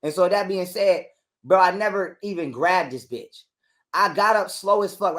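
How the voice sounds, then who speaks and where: On a call, a male guest with a high, fairly bright voice tells a heated personal story. He talks fast in street slang and swears a lot.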